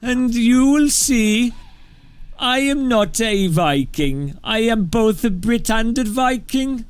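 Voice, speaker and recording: Man doing a grandiose Viking warrior, Birmingham accent, slow solemn declaiming, raised pitch. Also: expressive, smooth, no room sound, soft background music, full character voice. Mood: boastful.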